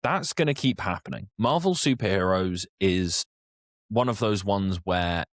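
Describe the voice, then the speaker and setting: A man's voice: sits low, lively intonation, measured pace, dry recording, clean studio sound. A man co-hosting a casual podcast, talking in an opinionated, conversational way. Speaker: podcast co-host.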